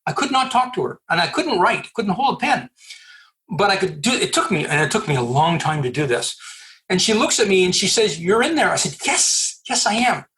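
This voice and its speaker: A man in his sixties, a podcast guest from Canada, telling a personal story in a lively, joking way and acting out the people he quotes. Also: sits high, fairly quick. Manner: lively, jokey storyteller who acts out quoted dialogue. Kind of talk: animated storytelling.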